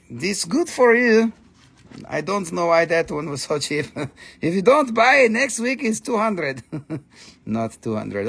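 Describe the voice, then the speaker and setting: A man with a slightly high, gravelly voice hosts a live crystal sale late at night. He sounds tired but keeps up a stream of playful, profane banter. His phrasing is loose and non-native as he pitches piece after piece. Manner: animated, jumps between teasing and pitching. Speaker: crystal seller hosting a live sales stream. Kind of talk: casual live sales chatter.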